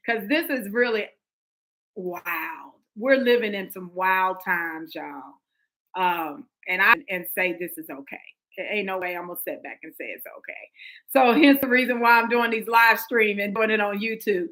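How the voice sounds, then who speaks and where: A woman's voice: mid-range voice, lively intonation, unhurried, a bit bright, low-quality recording. An American woman hosting a livestream commentary, talking emphatically to her viewers with frequent restarts. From United States. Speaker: livestream host.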